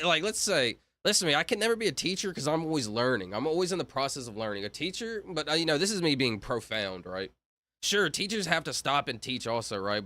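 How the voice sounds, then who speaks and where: Male streamer, casual rambling chat, lively swinging pitch, bright voice, faint music behind. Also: no echo. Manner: rambling, self-interrupting, reads chat aloud. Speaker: livestreamer.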